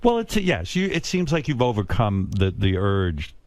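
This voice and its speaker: Male radio host, blunt and teasing, animated pitch, dry studio sound. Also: no echo. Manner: blunt, teasing, halting restarts. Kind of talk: casual interview.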